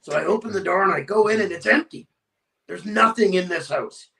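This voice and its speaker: A man tells a story in a casual interview and acts out every exchange in it. His voice sits high, bright and crackly. He sounds set back from the microphone. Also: brisk, creaky, distant mic. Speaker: guest.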